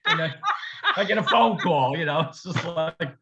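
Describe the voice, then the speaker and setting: Male podcast co-host, bright forward voice, rambling anecdotal delivery, lo-fi sound. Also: on the high side, lively intonation, moderate pace. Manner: rambling storyteller, laughs often, restarts. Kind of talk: casual chat.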